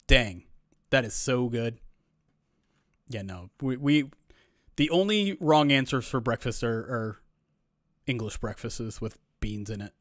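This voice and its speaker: A streamer hosts a live stream in relaxed chat, rambling from topic to topic and restarting sentences as he reads comments. He speaks slowly at an ordinary middle pitch and pauses often. The sound is dry and close, like a home desk microphone, with no room sound.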